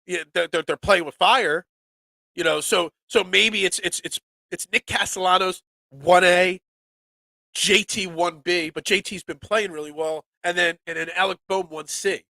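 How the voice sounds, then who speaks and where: Male sports podcast host, congested and nasal from a cold, high and bright, animated and rambling. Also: moderate pace, vocal fry, dry recording. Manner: animated, excitable, repeats words. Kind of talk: casual sports talk show.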